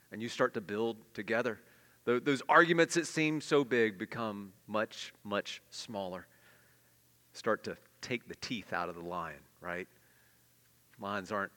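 A middle-aged male pastor preaching a sermon, swinging between loud emphatic peaks and hushed confessional asides. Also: medium pitch. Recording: long hall reverb.

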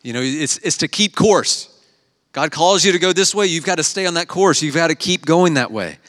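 A man's voice: on the high side, expressive, moderate pace, fairly bright tone. A young adult man preaching a conversational sermon as pastor, telling stories and acting out quotes. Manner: conversational, storytelling with acted quotes. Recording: long hall reverb.

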